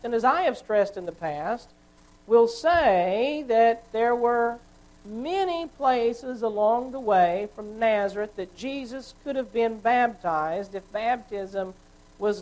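A woman preacher giving a sermon, explaining at a measured pace and correcting herself as she goes. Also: mid-range voice, darkish tone, low-quality recording.

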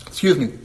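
High-voiced preacher delivering an emphatic sermon. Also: male voice, sharp tone. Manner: emphatic, rising to high exclamations, asks the congregation questions; quotes scripture in a slower, lower voice.

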